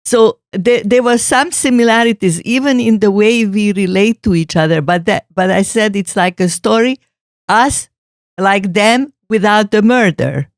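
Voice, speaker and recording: An older woman co-hosting a podcast, talking about her long marriage in a halting way. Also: mid-range voice, no echo, clean studio sound. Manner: halting, many restarts. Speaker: podcast co-host. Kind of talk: casual chat.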